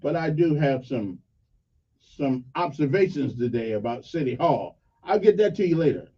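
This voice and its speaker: A man hosts a morning radio talk show, rambling and emphatic in a folksy way. His voice sits high and swoops widely. It comes across mellow, a little distant from the mic, with a dull lo-fi sound. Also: expressive, moderate pace, faint music behind.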